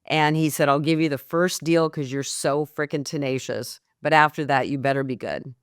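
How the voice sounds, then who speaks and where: Animated woman telling a candid story. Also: deep voice, normal speed, dry recording, studio quality. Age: middle-aged. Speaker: guest, mortgage coach. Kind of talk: storytelling in a podcast interview.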